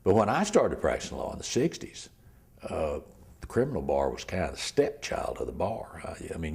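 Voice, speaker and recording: Gravelly old lawyer, halting. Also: male voice, very deep voice, sing-song, a little mellow. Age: older. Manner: halting, repeats words, drops to near whisper. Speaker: interviewee, criminal defense lawyer. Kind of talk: oral history interview.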